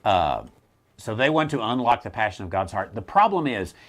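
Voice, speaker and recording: A middle-aged man, a theologian, answering a question in casual teaching talk, wry and animated, often slipping into mocking voices. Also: lowish voice.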